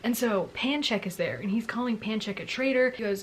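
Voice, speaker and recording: A woman's voice: on the high side, brisk, few pauses, a little hiss or hum. Gushing woman reacting to a book. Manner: gushing and exclamatory, reads passages in a hushed voice. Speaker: book vlogger. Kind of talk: excited book reading reaction.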